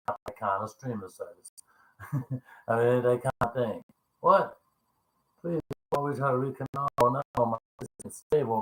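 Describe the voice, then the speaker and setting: A man's voice: mid-range voice, fairly bright tone. A man in his fifties talking casually in a vlog, rambling through work stories, laughing often and swearing as he retells what people said. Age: 50s. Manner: rambling, laughing, chatty, quotes people with coarse language. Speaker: vlogger. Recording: echoey room.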